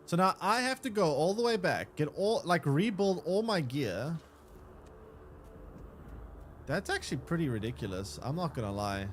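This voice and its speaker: A man's voice: on the high side, sing-song, fairly quick, a little hiss or hum. A man streaming a game, ranting in exasperation and swearing at what happens on screen. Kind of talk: live gameplay commentary.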